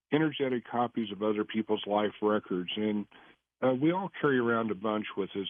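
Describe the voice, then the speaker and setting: A man speaks as a radio guest over a tinny telephone line, his voice pitched on the low side. He answers in a measured, hesitant way, pausing often on fillers, and the sound is dry and close. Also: dry recording. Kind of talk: interview answers.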